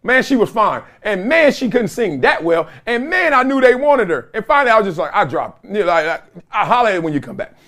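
Middle-aged guy hosting his own show, acts out everybody in the story, highish voice. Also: fast. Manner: animated storytelling with laughs and mimicked voices. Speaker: host. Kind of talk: comedic solo talk show monologue.

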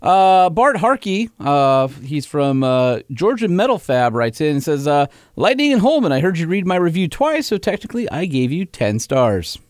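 A man's voice: a little high, moderate pace, hardly any pauses, dry recording, clean studio sound. A man co-hosting a podcast, chatting casually, laughing often and reading listener mail aloud. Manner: animated, laughs often, reads messages aloud. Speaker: podcast co-host.

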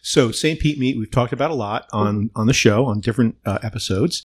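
A man's voice: mid-range voice, a little fast, husky. Man hosting a casual food podcast. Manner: animated anecdotes with quoted voices. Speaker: podcast host. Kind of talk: casual chat.

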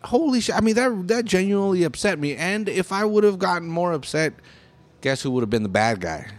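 A man's voice: sits high, very animated, fairly quick. A young American man in a casual, profane monologue, talking with heavy emphasis. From United States. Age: young adult.

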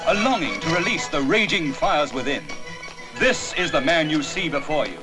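A man's voice: a little high, animated, normal speed, over music, natural voice. A man narrating a 1960s film trailer in a grand, declaiming manner, from an old film soundtrack.

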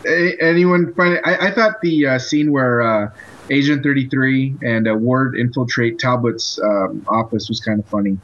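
A man hosting a casual chat podcast, halting and filled with pauses as he talks. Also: mid-range voice, steady tone, a bit bright, muffled recording. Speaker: podcast host. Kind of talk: casual chat about TV episodes.

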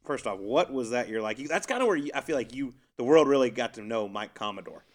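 A man's voice: mid-range voice, animated, fast. A man hosting a casual interview, asking questions and reacting with short interjections. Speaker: podcast host.

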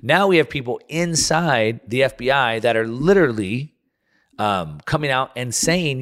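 A man's voice: mid-range voice, animated, measured pace, fairly bright tone. Man ranting as a radio talk host. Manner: heated, restarting and stumbling over words. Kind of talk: political commentary rant.

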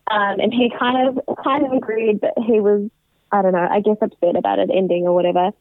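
A woman's voice: medium pitch, fairly even intonation, brisk, no echo. A woman in her twenties, a guest telling her story in a casual interview, with lots of "like" and "um". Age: 20s. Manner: chatty, many likes and ums. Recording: tinny phone line.

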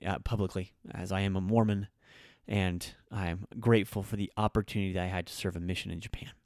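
A man with a lowish voice hosts a podcast, talking slowly with many pauses and ums. His emotion shows as he thanks his listeners. The sound is dry and close. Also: steady tone, darkish tone, no room sound. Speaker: podcast host. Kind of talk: heartfelt spoken thanks.

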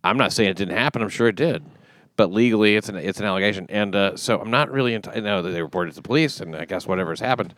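A man hosting a casual comedy podcast, talking in a dry, deliberate way and reading news items aloud. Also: fairly low pitch, fairly bright tone, dry recording. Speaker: podcast host.

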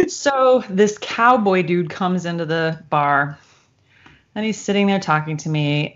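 A woman's voice: lowish voice, a bit bright. A young woman from Michigan, co-hosting a podcast and chatting casually, telling rambling stories and swearing freely. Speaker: podcast co-host. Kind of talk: casual chat. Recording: dull lo-fi sound.

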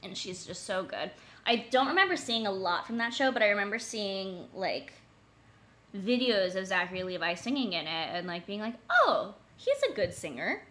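A woman's voice: mid-range voice, normal speed, a bit bright. A young woman co-hosting a podcast, talking in casual chat and filling her sentences with "like". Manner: chatty, heavy use of "like". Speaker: podcast co-host.

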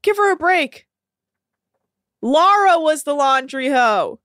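A woman's voice: sits high, expressive, slow, fairly bright tone, no echo, clean studio sound. A woman podcast host recapping a reality show in casual, profane, laughing chat.

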